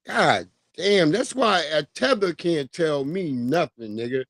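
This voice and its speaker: A male streamer riffs in unhurried, drawn-out phrases, mocking what he watches with crude outbursts. His voice sits a little high and the sound is dry and close. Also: animated, no room sound. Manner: loud, profane, mocking reactions. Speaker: livestream host. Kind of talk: casual live commentary.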